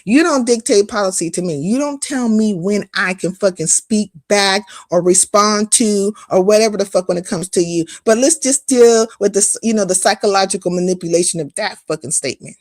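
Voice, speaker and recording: A woman's voice: medium pitch, fairly quick, few pauses, darkish tone, no room sound, studio quality. A woman hosting a live stream, delivering a heated, profane, confrontational rant full of mocking asides.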